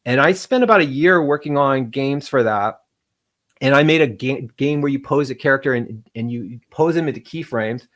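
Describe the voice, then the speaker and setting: A middle-aged man, a game developer as interview guest, telling animated stories and acting out quotes in voices. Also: mid-range voice, moderate pace. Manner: animated, acts out quotes in voices, laughs often. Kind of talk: casual storytelling interview.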